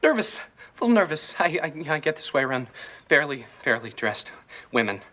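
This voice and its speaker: A flustered, tongue-tied young man who stammers over his words. His voice jumps up and down in pitch as he trips over himself. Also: very animated, a little fast, pushed and bright, heavily acted.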